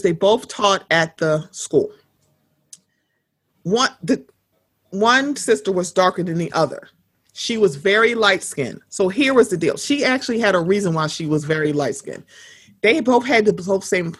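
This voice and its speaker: A woman co-hosting a casual chat show, talking bluntly with plenty of swearing and animated storytelling. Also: medium pitch, breathy edge. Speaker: podcast co-host.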